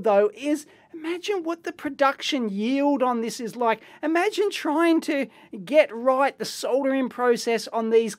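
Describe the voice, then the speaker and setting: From his electronics lab, a middle-aged Australian man with a very high-pitched voice hosts a casual unboxing and teardown video. He rambles excitably, full of exclamations and slang.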